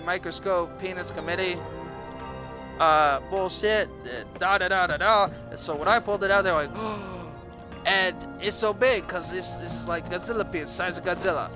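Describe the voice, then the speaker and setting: A streamer telling a crude, rambling, self-mocking comic story. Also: male voice, high-pitched, normal speed, over music.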